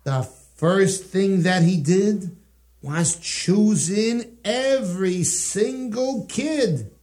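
A man narrating a rhyming children's story in a sing-song, expressive way. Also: high-pitched, drawn-out words. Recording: music playing behind.

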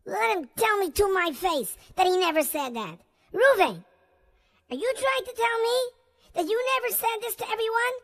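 A stubborn young schoolboy from a children's audio drama, demanding answers in an insistent, pushy way. His voice is very high. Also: expressive, normal speed. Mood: accusing.

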